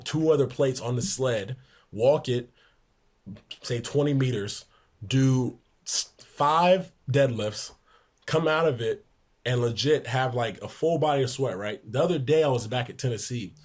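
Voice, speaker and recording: A young man in his twenties, a podcast guest, telling lively locker-room anecdotes in a casual way, laughing along. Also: medium pitch, unhurried, breathy edge. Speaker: podcast guest, pro basketball player. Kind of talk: casual storytelling in a sports podcast.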